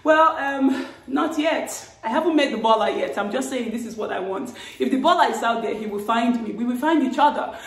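A woman talking casually to camera, playful and animated. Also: a little fast, echoey room, recorded from a distance. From Africa. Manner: playful and animated, with laughs and sudden high exclamations. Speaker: vlogger.

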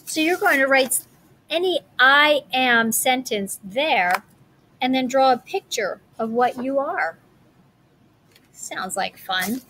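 Female teacher, somewhat high voice, clear and encouraging with young kids. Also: expressive, sharp tone, a little hiss or hum, low-quality recording. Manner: encouraging, speaks slowly and clearly. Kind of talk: reading aloud and teaching a lesson to young children.

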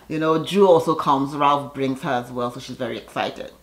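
A woman's voice: rumbling low, moderate pace. Chatty woman recapping gossip. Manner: chatty, laughs often, sassy asides. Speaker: reality TV recap vlogger. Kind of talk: casual gossipy episode recap.

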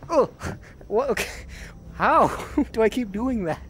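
A man's voice: extremely high pitch, animated, a little slow, a bit bright, slight background noise. Chatty man streaming a game. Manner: chatty, self-mocking, thinking aloud. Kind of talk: casual gameplay commentary.

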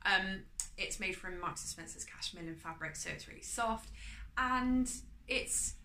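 A woman chatting casually as she shows off her charity shop clothes haul, upbeat and often trailing off quietly. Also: mid-range voice, measured pace, slight background noise. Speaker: vlogger. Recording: echoey room with faint ambience.

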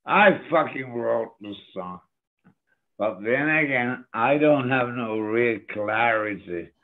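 Over a tinny, phone-like remote connection, an older man who is a guest musician rambles through stories full of swearing in a casual interview. He speaks at a medium pitch and a slow pace.

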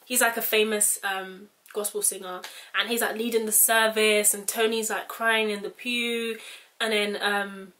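A young British woman chats to her camera in a loose, rambling way and leans on "like" constantly. Her voice sits in an ordinary middle pitch. She thinks aloud and restarts her sentences as she goes. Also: flat delivery, a little slow, bright, forceful tone. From United Kingdom. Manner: chatty, rambling, heavy use of "like". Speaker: vlogger. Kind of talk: casual commentary to camera.

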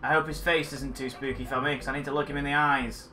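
A gamer giving let's play commentary on a horror game, excitable and jumpy, talking back at what is on screen. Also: medium pitch, fast talker, soft background music.

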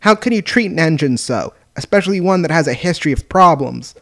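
An imperious little mistress who runs her railway with a hard hand, as a man puts her on. She scolds in a voice pitched a touch higher than his own, with a cold, threatening edge. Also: expressive, fairly quick, a bit bright. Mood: stern threatening. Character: haughty little mistress, stern railway controller.

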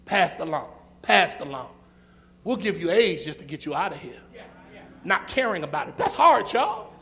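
A man's voice: high voice, very animated, normal speed, sharp tone. A male pastor, preaching a sermon in a church with rhythmic, repetitive phrasing and call and response.

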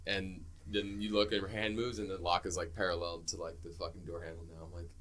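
A man's voice: low voice, level tone, fairly bright tone. A man co-hosting a casual movie review podcast, riffing with lots of swearing. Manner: fast, profane, riffing banter. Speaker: podcast co-host.

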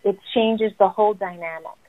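A woman therapist explaining parenting advice in an animated, emphatic way. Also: medium pitch, moderate pace. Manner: animated and emphatic, acting out what children say. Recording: tinny phone-like audio.

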